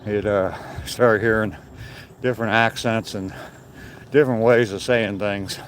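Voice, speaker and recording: An older man, chatting in a relaxed, rambling way on a live walk and greeting viewers by name. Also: fairly low pitch, unhurried, a little hiss or hum. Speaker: vlogger walking and reading chat. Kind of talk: casual chat on a live walk. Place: outdoors on a walk.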